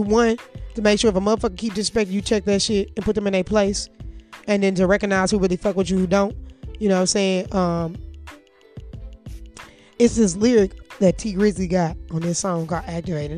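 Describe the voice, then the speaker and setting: A woman's voice: medium pitch, a little mellow. A woman from St. Louis hosting a podcast, talking bluntly and profanely, pacing around while she speaks into a mic on her phone. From St. Louis, USA. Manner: blunt, profane, fired-up storytelling. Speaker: podcast host. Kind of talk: candid podcast monologue. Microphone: mic plugged into phone, walking around.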